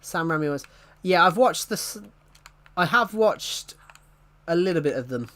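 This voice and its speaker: A man's voice: fairly high pitch, animated, measured pace, a bit bright. Rambling, chuckling young man streamer. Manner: rambling and self-deprecating, laughs often and restarts. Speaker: live streamer. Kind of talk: casual live-stream chat.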